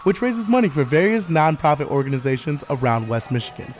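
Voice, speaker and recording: A man's voice: on the high side, very animated, a little fast. A man anchoring a student news segment, reading a script.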